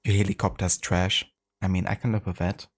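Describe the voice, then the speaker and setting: Low-voiced streamer, rambling. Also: male voice, level tone, fairly quick. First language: German. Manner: rambling, full of fillers. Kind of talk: casual live-stream chat.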